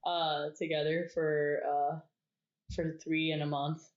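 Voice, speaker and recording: Woman, 30s, therapist co-host; casual, laughing chatter, lower pitch, echoey room. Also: flat delivery, slow pace. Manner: chatty, laughing, drops to near-whisper asides. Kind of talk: casual podcast chat. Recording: echoey room, dull lo-fi sound.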